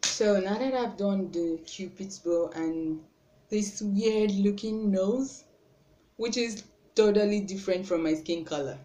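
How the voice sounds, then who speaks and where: Young nigerian woman vlogging her makeup, slow and chatty, kinda self-conscious. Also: medium pitch. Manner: chatty and self-conscious, often trailing off softly. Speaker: beauty vlogger. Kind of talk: casual makeup tutorial chat. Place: room at home. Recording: roomy with faint background noise.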